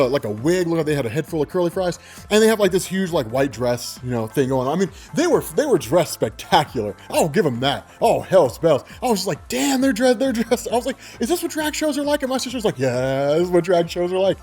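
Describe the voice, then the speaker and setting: A man in his twenties telling a story on his own channel in a loose, animated way, laughing often and swearing freely. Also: on the high side, a little fast, soft background music. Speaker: vlogger. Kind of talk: casual storytelling.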